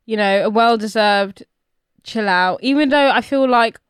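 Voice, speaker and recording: A young woman co-hosting a podcast, chatting casually with animated, slangy, laughing banter. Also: fairly high pitch, measured pace, clear, resonant tone, dry recording, clean studio sound. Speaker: podcast co-host. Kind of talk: casual chat.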